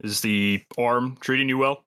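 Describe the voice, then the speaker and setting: Bright-voiced man playing a tabletop game. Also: medium pitch, steady tone, a little slow, slight background noise. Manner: playful, slips into a hearty in-character tone. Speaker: player.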